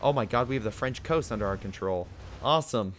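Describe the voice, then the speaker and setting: A man's voice: lowish voice, fast, a little hiss or hum. A young man giving casual commentary on his strategy game, thinking aloud as he orders his units about. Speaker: gaming video host. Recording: game music behind the voice.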